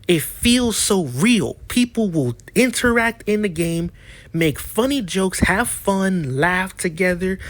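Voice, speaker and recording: Heated, profane male YouTuber ranting. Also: high voice. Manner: heated, profane, with many restarts. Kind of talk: ranting commentary.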